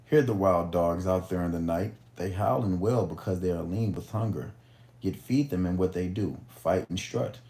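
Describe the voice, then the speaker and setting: Guy reading as a wise old storyteller, slow and solemn, gravelly, roomy echo with faint hum. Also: low voice, warm tone. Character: wise old male storyteller addressing a crowd.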